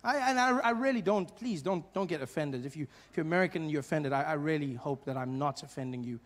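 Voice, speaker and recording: A male stand-up comedian riffing playfully, full of questions and animated asides. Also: fairly high pitch, fast.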